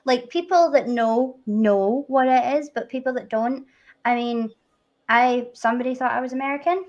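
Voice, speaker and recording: A woman with a light Scottish accent, hosting a casual chat and talking in a lively, chatty way. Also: fairly high pitch, normal speed, lo-fi sound. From Scotland. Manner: chatty, laughs often. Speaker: host.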